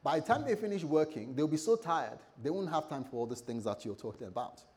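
Pastor guy preaching, kinda high voice, animated, does little voices for the characters. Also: fairly quick. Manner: animated preaching, acting out scripture voices, joking asides. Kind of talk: sermon.

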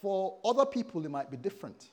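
Middle-aged male preacher in his fifties, lively storyteller, slightly higher voice, mixes scripture with personal stories. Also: fast talker. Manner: animated storytelling, acting out quoted voices. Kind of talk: sermon.

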